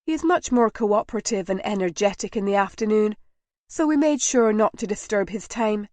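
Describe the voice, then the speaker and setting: A woman's voice: mid-range voice, lively intonation, moderate pace, a little mellow, no room sound, natural voice. Woman voicing a teasing, spirited young lady. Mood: playful.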